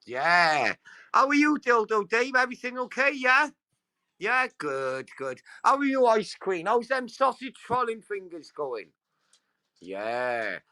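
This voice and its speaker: A man's voice: high-pitched, big pitch swings, slow, dry recording. Foul-mouthed, mocking male livestreamer. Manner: crude, swearing, mocking banter with loud outbursts. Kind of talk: casual livestream chat. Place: at home with dogs nearby.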